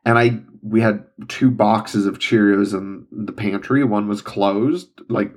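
A man's voice: fairly low pitch, steady tone, slow. A young man and father chatting casually and with amusement about his toddler. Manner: amused, laughs while telling stories. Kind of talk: casual chat.

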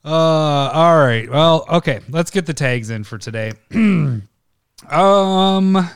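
A man's voice: fairly high pitch, lively intonation, slow pace, clean tone, no room sound, clean studio sound. A man hosting a casual podcast, rambling through stories with frequent laughs and acted-out quotes. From Minnesota. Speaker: podcast host.

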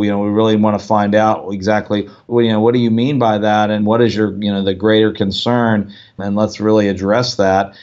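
Low, flat-voiced male financial consultant. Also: highs cut off. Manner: measured, explanatory, many fillers. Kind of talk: casual podcast chat.

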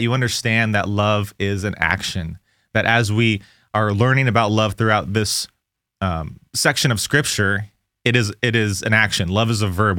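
A man's voice: fairly low pitch, bright, forceful tone, no echo, studio quality. Earnest male Bible study host. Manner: earnest, with restarts, reading verses aloud. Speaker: podcast host teaching Scripture. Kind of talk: casual Bible study podcast.

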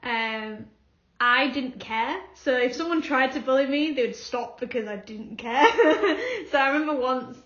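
Young woman, co-host, high voice, animated storyteller, echoey dull recording. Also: measured pace. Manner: animated storytelling, laughs often. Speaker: podcast co-host. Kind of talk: casual chat. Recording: echoey room, slightly dull sound.

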